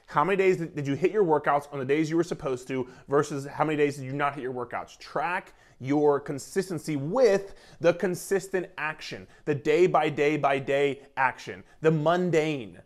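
A man's voice: a little high, moderate pace, hardly any pauses. A man coaching viewers on weight loss in an emphatic, repetitive pep-talk style, casual and sometimes swearing. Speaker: fitness coach. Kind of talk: motivational talk to camera.

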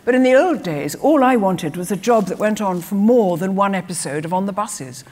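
An older woman, an actress, telling lively anecdotes on stage and acting out quotes. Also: mid-range voice, normal speed. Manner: lively storyteller who acts out quotes. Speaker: guest actress. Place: festival stage before an audience. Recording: reverberant live hall.

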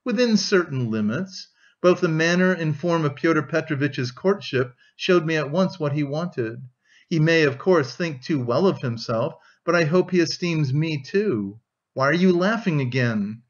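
A man's voice: on the high side, lively intonation, a little slow, lo-fi sound. A man reading an audiobook, voicing a proud young woman who speaks firmly and dryly. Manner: firm, dry, cool.

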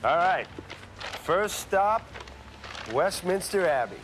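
An excitable, fussy young groom. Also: male voice, sits high, takes it slowly, noisy background. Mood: goofy. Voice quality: eager, insistent. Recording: sitcom clip with audience laughter.

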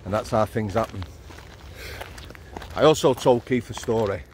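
A fairly low-pitched man talks at normal speed amid slight background noise. He's a middle-aged former prison officer from Yorkshire, swearing freely through blunt, matter-of-fact stories on a casual night walk outdoors.

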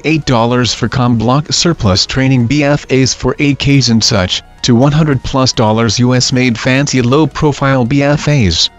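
A man reading scary stories aloud in a steady, even narration. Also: medium pitch. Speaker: story narrator. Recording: dull lo-fi audio with faint music.

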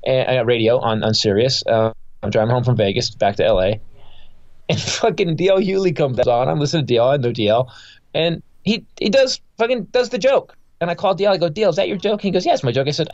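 A man's voice: fairly high pitch, no echo. Male comic guest, fired-up and foul-mouthed, stumbles over his words; dull, dry podcast sound. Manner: profane, heated, rambling with many restarts. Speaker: guest comedian. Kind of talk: casual podcast interview storytelling.

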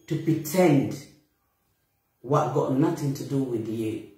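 A man's voice: mid-range voice, expressive, takes it slowly, long pauses, dark tone. A man ranting straight at his audience, scolding them with contempt in non-native English phrasing. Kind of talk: angry direct-to-camera rant. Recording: very echoey room.

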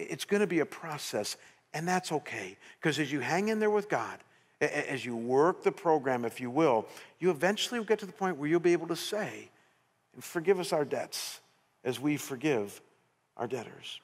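A middle-aged male pastor telling a story in a sermon, animated, with many restarts. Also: a little high, a little fast, slightly rough, big-room sound. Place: church sanctuary.

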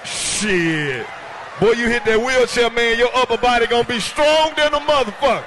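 Man, very high voice, lively, teasing, loose slang, noisy background. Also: normal speed. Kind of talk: rowdy joking with friends.

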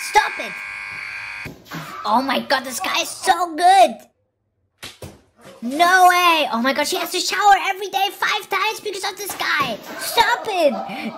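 A woman hosting a reaction video, excitable, gasping and laughing with constant exclamations over the clips. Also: very high-pitched, background noise. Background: clip sound and music playing.

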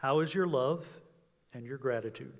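A pastor preaching an earnest sermon in a church, swinging from emphatic peaks down to soft, quiet lines. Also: male voice, mid-range voice, normal speed, creaky. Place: church sanctuary. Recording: long hall reverb.

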